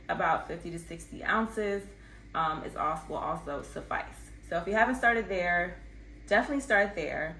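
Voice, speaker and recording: A young woman hosting a casual health-tips vlog. She talks in a chatty, playful way, jokes at herself and fills her pauses with "um". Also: fairly low pitch, a bit bright, echoey room, a little hiss or hum. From not from Texas. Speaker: wellness channel host.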